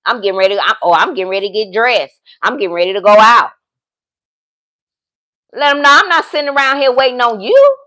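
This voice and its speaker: A bright, high-voiced woman in her fifties chats straight to her viewers like a friend. Her pitch leaps and swoops as she tells a story and acts out both sides of a phone call. It is casual storytelling with a lot of life in it. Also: expressive, fast. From United States. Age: 50s. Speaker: vlogger.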